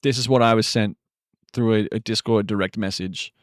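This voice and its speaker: A man's voice: lowish voice, steady tone, moderate pace, dry recording, clean studio sound. A man in his forties, a streamer, casually chatting and ranting wryly while reacting to videos. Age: 40s. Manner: ranting, wry and exasperated.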